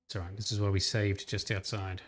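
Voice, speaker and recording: A man's voice: lowish voice, little pitch movement, fairly quick, a bit bright, slight background noise. A man casually thinking aloud as he plays through a game on a livestream. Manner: chatty, thinking aloud while playing. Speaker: streamer. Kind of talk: casual gameplay commentary.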